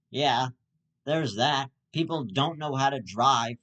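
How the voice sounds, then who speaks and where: Male comic ranter, mid-pitched, stammering, heavy swearing. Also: slow, bright, forceful tone, poor audio. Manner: angry ranting with profanity, stammering restarts. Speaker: comedic ranter. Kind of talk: comic rant.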